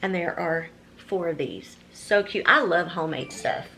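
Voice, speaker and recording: Bright-voiced woman gushing over gifts. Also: on the low side, unhurried, a little hiss or hum. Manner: gushing, exclamatory, says y'all often. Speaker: vlogger. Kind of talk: casual unboxing chat.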